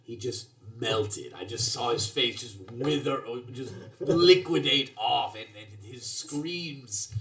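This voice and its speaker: This tabletop player speaks slowly in a slightly bright, mid-range voice with few pauses. Telling a story in character, he meanders and hesitates, frequently starting over.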